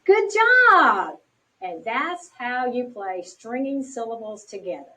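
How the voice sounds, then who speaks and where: A woman giving scripted narration for an instructional video, speaking slowly and clearly in an encouraging teacher manner. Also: a little high, expressive. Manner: slow, clearly paced, encouraging teacher talk. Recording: distant from the mic.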